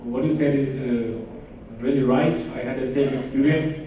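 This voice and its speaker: A man from Germany, a politician on a conference panel, telling a story quickly and switching between languages. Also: medium pitch, steady tone, warm tone, slight background noise. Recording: echoey hall, far from mic.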